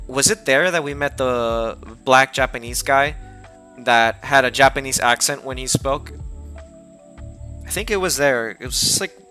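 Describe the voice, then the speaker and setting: A man from the United States, a streamer telling a long casual story, rambling with lots of fillers and restarts. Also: mid-range voice. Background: soft background music.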